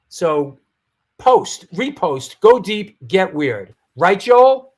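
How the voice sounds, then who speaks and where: A man's voice: sits high, very animated, drawn-out words. A man hosting a live show, reading sponsor spots and event announcements in a rambling, jokey way that often stumbles over words. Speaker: host.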